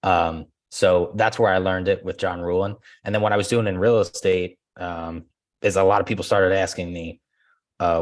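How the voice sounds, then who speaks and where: A man guest on a podcast, talking casually and laughing often, acting out conversations in lively quoted voices. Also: low voice, normal speed. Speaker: podcast guest, real estate agent. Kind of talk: casual interview chat.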